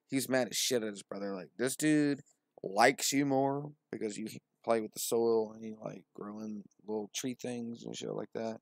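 A man's voice: on the low side, steady tone, normal speed, gravelly, no echo. A man retelling scripture as comedy, profane and slangy, with a wry tone and hesitant restarts.

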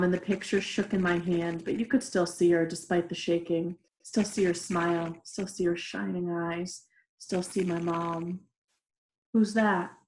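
A woman reading a novel aloud in a steady, gentle way, in an echoey room. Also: fairly low pitch. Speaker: reader. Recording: roomy echoey room recording.

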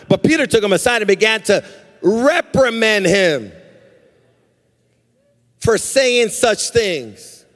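A man preaching to his church with a high, bright voice and a sing-song, animated cadence. He swings into acted-out quotes and back. The sound rings with the long reverb of a large hall. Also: slow, pauses often. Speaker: pastor. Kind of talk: live sermon. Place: church sanctuary.

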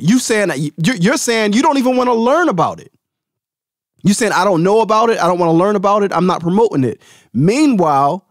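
A man hosting a solo podcast, giving a heated, profane and confrontational rant that now and then drops to a low, calm voice. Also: no echo, clean studio sound. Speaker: host.

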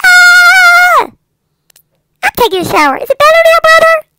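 A woman playing a puppy in a game roleplay, excited and playful, barking and squealing as she narrates. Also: extremely high pitch, very fast. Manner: excited, squealing, barks and giggles. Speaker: channel host and roleplayer. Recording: loud game music and crowd noise behind.

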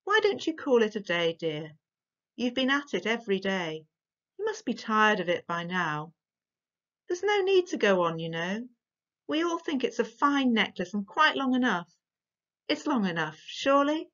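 A woman's voice: fairly high pitch, sing-song, moderate pace, fairly bright tone. A woman voicing a weary mother in a storybook reading, coaxing and pleading with a hint of exasperation. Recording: dull lo-fi recording.

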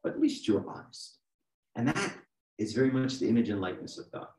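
A man's voice: mid-range voice, very animated, a little fast, a little mellow. A middle-aged man preaching a conversational sermon as archdeacon, often checking in with the congregation. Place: church. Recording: echoey room, mic from a distance.

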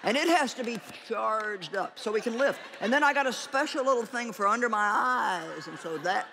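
An older woman preaching a humorous conference sermon, animated and joking as she acts out little prayers and conversations. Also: fairly high pitch, normal speed, vocal fry, slight background noise.

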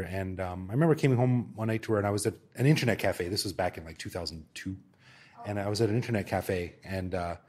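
A podcast host with a husky, slightly low voice tells a long anecdote in a loose, rambling way. He circles back and restarts often, and his talk stays casual and conversational. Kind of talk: casual panel chat. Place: Bangkok.

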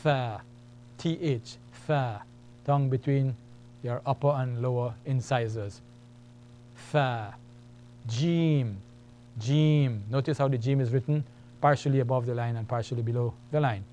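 A man's voice: medium pitch, unhurried, mellow. A man teaching the Arabic alphabet, patiently repeating each letter's sound several times. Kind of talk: slow alphabet lesson with drilled sounds. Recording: faint mains hum.

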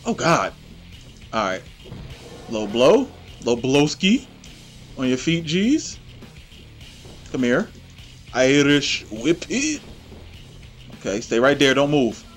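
Excitable trash-talking man, wildly swinging pitch. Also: takes it slowly, long pauses, soft background music. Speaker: gameplay channel host. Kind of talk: casual gameplay commentary.

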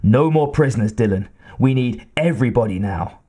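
A hardened commando major , voiced by a male reader, who speaks with stern, steady authority. He sounds calm and in control, and gives orders rather than suggestions. The reading is from an audiobook. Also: medium pitch, moderate pace, slightly rough.

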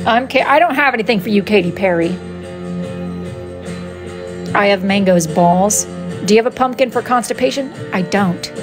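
A woman's voice: mid-range voice, moderate pace, long pauses, over music. A woman hosting a casual live stream, playfully reading out joke slogans from her crafts and teasing viewers by name. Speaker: live-stream host showing her wood-burned crafts.

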